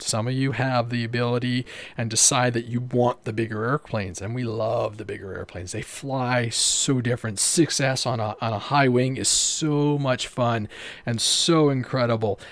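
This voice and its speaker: A man hosts a casual livestream and talks it through in a loose, rambling way, with many fillers and restarts. His voice sits at an ordinary middle pitch. The sound is close and dry, with no room around it. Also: fairly bright tone, no echo. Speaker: livestream host.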